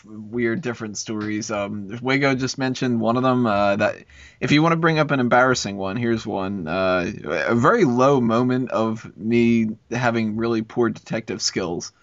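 A man's voice: mid-range voice, normal speed, no echo. A man hosting a casual chat, telling a long school story with lots of swearing and fillers. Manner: rambling, profane, lots of fillers. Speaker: podcast host. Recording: dull lo-fi recording.

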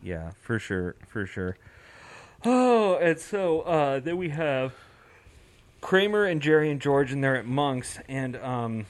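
A man's voice: mid-range voice, very animated, slow. A man co-hosting a podcast, casually recapping scenes and quoting lines. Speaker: podcast co-host. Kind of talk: casual chat.

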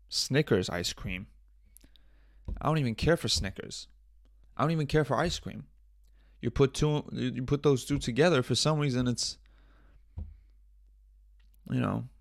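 A man hosts his own podcast alone, rambling from one joke to the next and swearing freely. His mid-range voice has a gravelly, fried edge. The sound is dry and close, with no room echo. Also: mid-range voice. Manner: rambling, joking, frequent swearing and self-talk. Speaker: podcast host. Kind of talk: solo casual podcast rambling.

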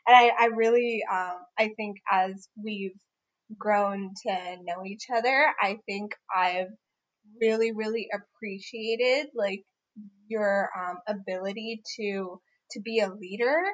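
A young woman co-hosting a casual podcast, chatting warmly about a friend, rambling with many fillers and restarts. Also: medium pitch, fairly even intonation, takes it slowly, dull audio. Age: young adult. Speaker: podcast co-host. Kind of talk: casual chat among friends.

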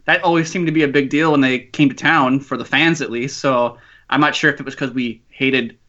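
Joking male co-host, bright tone, muffled lo-fi recording. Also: medium pitch, fairly even intonation, brisk. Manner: joking, hesitant, laughs often. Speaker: podcast co-host. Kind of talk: casual sports chat.

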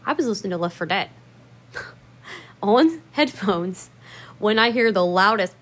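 Woman, casual rambling anecdote, heavy swearing, emphatic, mid pitch. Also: expressive, unhurried, a bit bright. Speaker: storyteller. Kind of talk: casual spoken storytelling.

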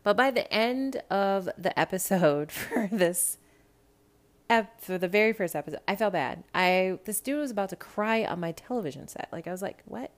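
A woman from the American Midwest hosting a podcast, chatting casually about pop culture with lots of swearing and sudden loud rants. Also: medium pitch, normal speed. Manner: profane, animated, swings to loud rants. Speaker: podcast host.

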